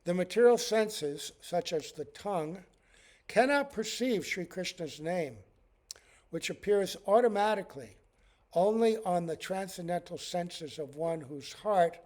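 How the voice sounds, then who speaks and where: A man's voice: high voice, expressive, a little slow, a little mellow. A man, a monk, giving a devotional scripture class in a conversational way, chuckling often and using many fillers.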